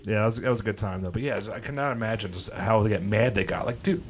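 A man's voice: lowish voice, fast. A man, a comedian telling a crude, rambling story in casual chat and laughing as he goes. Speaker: comedian, podcast guest.

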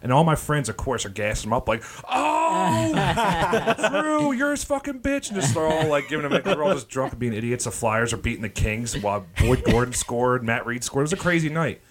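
A man's voice: medium pitch, fast, hardly any pauses. A man, a comedian telling a crude, rambling story in casual chat and laughing as he goes. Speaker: comedian, podcast guest.

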